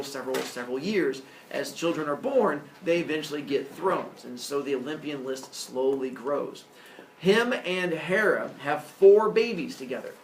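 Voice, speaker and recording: A man teaching a class, telling myths in a jokey, animated way. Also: a little high, a little hiss or hum. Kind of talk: classroom lecture, storytelling. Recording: roomy echo, distant mic.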